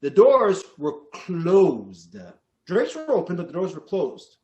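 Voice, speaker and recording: A man telling ghost stories in a casual podcast chat, animated and acting out the people he quotes. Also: high-pitched, takes it slowly, muffled recording. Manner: animated, acts out quotes, laughs often.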